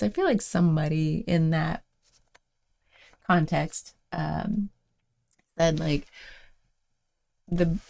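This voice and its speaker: Low, gravelly-voiced woman musing aloud. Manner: thoughtful, meandering, many fillers, soft laughs. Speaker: host of a daily reflection show. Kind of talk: casual spoken reflection.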